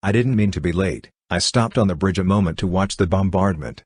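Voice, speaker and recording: Man reading young male artist, wry and measured, low voice, husky. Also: dry recording, studio quality.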